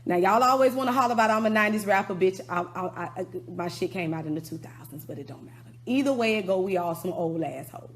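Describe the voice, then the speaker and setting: A woman's voice: mid-range voice, fast, hardly any pauses, slight background noise. A middle-aged woman rapper giving a blunt, profane, scolding rant of a song review. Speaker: rapper turned commentator.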